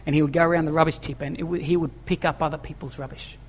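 A man's voice: fairly high pitch, level tone, very fast. A man preaching a sermon to his congregation in a church hall, emphatic, repeating key phrases and asking rhetorical questions. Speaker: pastor. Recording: long echoing church reverb.

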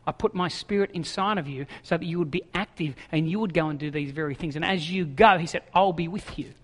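A man preaching a sermon in a lively, jokey way, acting out voices as he goes. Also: on the high side, brisk, big-room sound. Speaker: pastor.

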